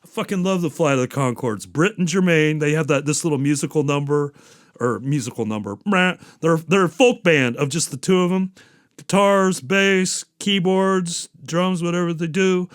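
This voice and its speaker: A man hosts a podcast in a slightly high, clear, resonant voice at normal speed, recorded with studio quality and no room sound. He chats casually and rambles, drifting into profane tangents with small chuckles.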